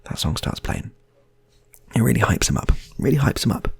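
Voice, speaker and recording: A man's voice: mid-range voice, expressive, normal speed, vocal fry, slightly rough, no echo. A man improvising funny stories in a rambling, playful way, often restarting his sentences. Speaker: storyteller. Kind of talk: improvised comic storytelling.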